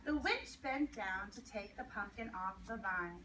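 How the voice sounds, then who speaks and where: A woman's voice: mid-range voice, expressive, moderate pace. A woman reading a picture book aloud to children, with a rhythmic, singsong delivery. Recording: echoey room, distant mic, background noise.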